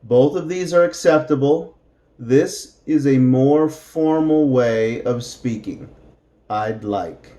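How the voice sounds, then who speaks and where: A man teaching a beginner English lesson, drawing out example phrases slowly and clearly so learners can repeat them. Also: on the high side, dark tone.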